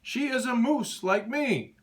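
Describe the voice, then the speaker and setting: An older man voicing an earnest, stubborn male moose in a children's storybook read-aloud, slow and emphatic. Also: sits high, lively intonation, pitched above the performer's own voice. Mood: insistent.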